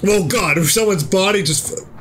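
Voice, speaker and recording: A man giving casual, excitable gameplay commentary, swearing often and yelling at the game. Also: high voice, moderate pace, faint music behind. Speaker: let's play co-host.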